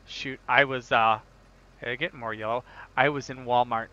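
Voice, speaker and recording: Bright-voiced man streaming a farm game. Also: medium pitch, fairly even intonation, moderate pace, lo-fi sound. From United States. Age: 30s. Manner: jokey, rambling, laughs often. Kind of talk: casual gameplay chat.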